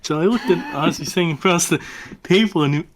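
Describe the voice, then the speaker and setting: A man's voice: on the high side, fairly quick, a little hiss or hum, close to an everyday voice. A man reading a comic ballad as a hapless man, tacking on "eh" in a sing-song way. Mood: storytelling.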